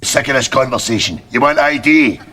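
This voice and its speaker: An actor playing a crude, bullying Scottish cinema bouncer hurling threats and insults. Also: male voice, mid-range voice, a little fast, sharp tone, a little hiss or hum, lightly acted. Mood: threatening.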